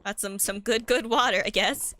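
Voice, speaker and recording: A woman with a medium-pitched, sharp-toned voice speaks at normal speed as she streams a horror visual novel. She reads every character aloud in different voices and drops in joking asides.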